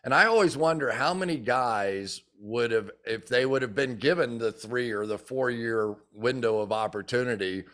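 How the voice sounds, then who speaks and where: Animated older man telling stories. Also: medium pitch, normal speed, hardly any pauses. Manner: animated storyteller who acts out quotes. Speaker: former football player and TV analyst. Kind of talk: casual interview chat.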